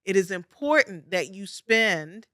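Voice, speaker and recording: A middle-aged woman hosts a podcast, her animated, bright, pushed voice in the mid range and moving at a measured pace. She offers conversational coaching advice in a monologue, repeating points emphatically and laughing lightly often. The studio recording is clean, with no echo.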